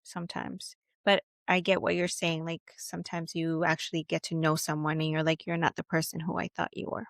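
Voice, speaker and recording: Animated woman telling stories in chat. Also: low voice, fairly quick, vocal fry, few pauses, no room sound, clean studio sound. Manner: animated storyteller, acts out quotes, laughs. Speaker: podcast co-host. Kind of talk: casual chat.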